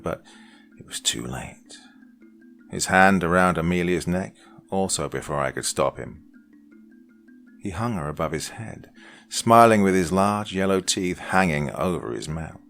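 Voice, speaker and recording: A man narrating a scripted horror story with a dark, dramatic reading that drops to hushed lines. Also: a bass voice, vocal fry.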